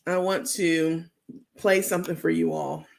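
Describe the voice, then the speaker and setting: New york lady spilling tea on her stream, kinda gravelly, lots of ums and y'all. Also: sits low, little pitch movement. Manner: chatty, drawn-out, slangy, full of fillers. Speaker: host. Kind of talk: gossip commentary stream.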